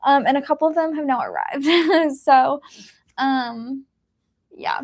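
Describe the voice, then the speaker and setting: Casual book streamer, woman, high voice with vocal fry, rambling chatty delivery full of fillers. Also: slow. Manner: rambling, chatty, many fillers and little laughs. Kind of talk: casual live stream chat. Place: at home during a reading live stream.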